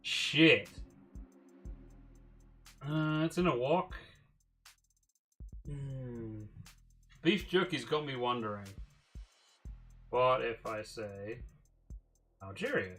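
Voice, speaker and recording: Man, crisp bright tone, casual stream chat, thinking aloud, faint music underneath. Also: mid-range voice, very slow, pauses often. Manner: musing aloud, mildly profane. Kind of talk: casual livestream commentary.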